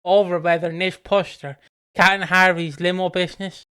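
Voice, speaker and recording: A man's voice: sits high, flat delivery, normal speed, pushed and bright, clean tone. A man co-hosting a podcast in casual chat, rambling into tangents and laughing easily. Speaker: podcast co-host.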